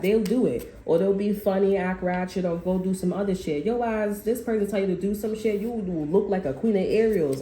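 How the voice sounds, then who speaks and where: Speaking at a fairly quick pace with few pauses, this woman has a medium-pitched, mellow voice. She gives a casual tarot reading straight to camera, swearing plenty, using lots of fillers, and not mincing words; the room echoes and there's faint background noise.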